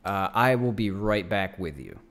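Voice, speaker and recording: A man's voice: lowish voice, lively intonation, fairly bright tone. A man hosting a let's play video, chatting casually with viewers as he plays. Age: adult. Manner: unhurried, chatty, talking to viewers. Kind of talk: casual game commentary.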